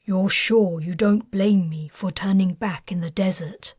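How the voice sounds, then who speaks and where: A woman voicing a gentle adult man in an audiobook, speaking softly and a little lower than her narration. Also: fairly even intonation, a little slow, slightly rough, no echo, studio quality. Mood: earnest. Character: low-voiced adult man, earnest and gentle. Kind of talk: audiobook character reading.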